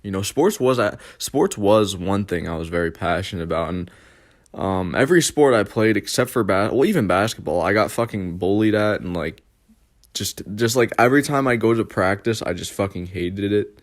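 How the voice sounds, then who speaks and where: A young man with a lowish voice rambles through a casual storytime for his vlog. He leans on constant fillers and curses freely, drifting from point to point. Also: animated, normal speed. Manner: rambling, filler-heavy, profane. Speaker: vlogger.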